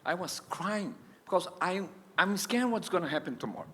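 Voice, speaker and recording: A man's voice: sits high, very animated, normal speed, a bit bright. A man in his sixties speaking up from the audience at a public meeting, emotional and pleading. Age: 60s. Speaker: audience member asking a question. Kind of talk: impassioned public comment. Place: meeting hall.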